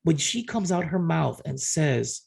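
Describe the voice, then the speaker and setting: Middle-aged male co-host, gravelly and a bit high-pitched, casual storyteller who acts out every exchange. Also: measured pace. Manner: animated, re-enacts conversations, frequent restarts. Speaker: podcast co-host.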